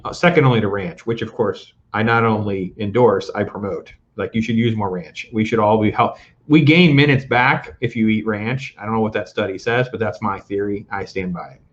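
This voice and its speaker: On a lo-fi recording, an older man with a lowish, fairly even voice talks briskly as a talk show host. His casual chat turns into joking, opinionated rants about food.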